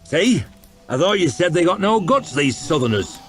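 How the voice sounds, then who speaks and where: A man voicing an old grey-bearded Northman leader, slow and rumbling. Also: big pitch swings, faint music behind. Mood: amused.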